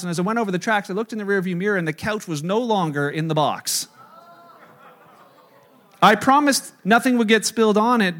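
A man's voice: sits high, a bit bright. A middle-aged man, a pastor, preaching and telling a self-deprecating story with quoted dialogue. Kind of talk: sermon storytelling.

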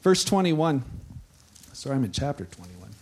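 A man's voice: mid-range voice, sing-song, moderate pace, darkish tone, a little hiss or hum. A male pastor preaching a sermon in a conversational, chatty way. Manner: conversational, chatty, with frequent "like" asides.

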